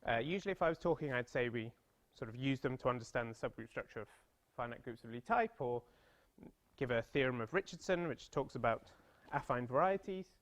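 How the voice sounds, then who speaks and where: A man's voice: mid-range voice, lively intonation, brisk. A British man in his thirties giving a mathematics seminar talk, chatty and self-deprecating, with playful storytelling asides. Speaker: mathematics lecturer. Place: seminar room.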